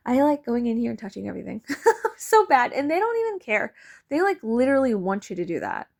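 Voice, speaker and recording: Gravelly woman rambling in casual voice-over. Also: fairly high pitch, very animated, a little fast, darkish tone. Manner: rambling, swears casually, laughs often. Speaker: vlogger. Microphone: voice-over mic.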